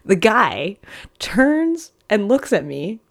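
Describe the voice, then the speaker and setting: A woman's voice: medium pitch, sing-song, very slow. A young woman hosting a podcast, telling frank, profane dating stories in a casual way and laughing often. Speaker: podcast host. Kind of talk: casual storytelling monologue.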